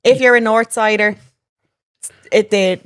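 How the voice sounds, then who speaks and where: A woman's voice: medium pitch, steady tone, measured pace, clean tone. A woman with a Dublin accent, co-hosting a podcast and explaining things plainly in casual chat. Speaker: podcast co-host.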